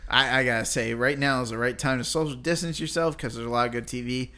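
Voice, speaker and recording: A man co-hosting a podcast, deadpan and profane, spinning absurd tall tales. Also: medium pitch, fast talker. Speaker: podcast co-host. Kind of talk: casual podcast banter.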